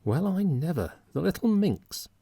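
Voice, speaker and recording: A man's voice: medium pitch, animated, moderate pace, a little mellow, dry recording, voice pushed up, lightly acted. A man reading an audiobook, voicing a flustered, indignant middle-aged lady in a prim, fussy, shaken manner.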